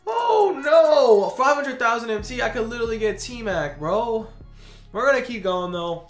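A man talking slowly over a video game, his pitch swinging widely as he groans, sighs and rants in exasperation. His voice rings a bit in a roomy, echoey space. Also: lively intonation, faint music behind. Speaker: gaming video creator. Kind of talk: video game pack opening commentary.

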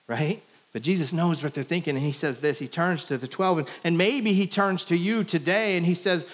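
A man's voice: on the high side, brisk, hardly any pauses. Playful conversational male preacher. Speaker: pastor. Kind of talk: sermon. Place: church sanctuary.

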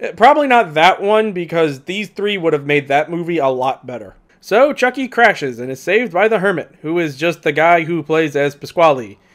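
Sarcastic, lively male movie reviewer. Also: on the high side, normal speed, few pauses. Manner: sarcastic, mocking. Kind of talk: casual commentary.

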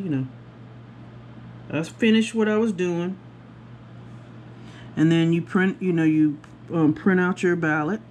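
A woman chatting to viewers about her day while she works on a craft project, animated and talking straight to the camera. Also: moderate pace, pauses often, slight background noise. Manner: acts out other people's voices with big pitch jumps. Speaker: craft vlogger. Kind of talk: casual storytelling while crafting.

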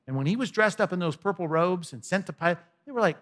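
Lively, conversational male preacher. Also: sits high, fast. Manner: conversational, animated, humorous asides. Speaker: pastor. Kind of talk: sermon.

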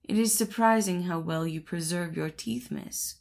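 A woman voicing a vain, boastful male shirt collar in a storybook, speaking with pompous, gushing flattery. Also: on the low side, moderate pace, close to an everyday voice.

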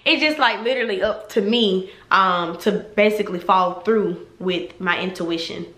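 A young adult woman telling an animated, sassy storytime to her viewers in a casual vlog. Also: medium pitch, normal speed. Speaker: vlogger. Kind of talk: casual storytime chat to camera. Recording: echoey room.

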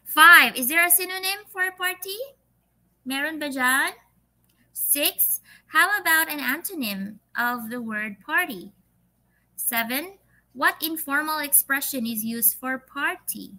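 A woman's voice: high voice, unhurried, bright, forceful tone, rough recording. A Filipino woman teacher leading an online English lesson, reading quiz questions patiently and drawing her words out, with Tagalog fillers. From Philippines.

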